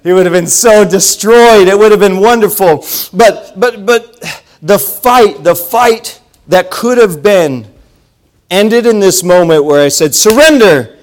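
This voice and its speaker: A preacher with a somewhat high voice delivers a sermon. He tells a personal story with lively energy and swings from booming calls to quiet, confiding asides. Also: measured pace. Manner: animated storytelling, swings between loud calls and hushed asides.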